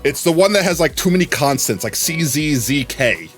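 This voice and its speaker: A man's voice: fairly high pitch, big pitch swings, fairly quick, faint music behind. A man chatting casually on a live stream, rambling from topic to topic and laughing often.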